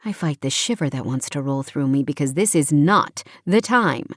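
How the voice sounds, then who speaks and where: A woman reads a first-person romance audiobook in an intimate, expressive way. Her voice sits very low for a woman, and the dry, close recording carries no room sound. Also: normal speed, no echo. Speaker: audiobook narrator.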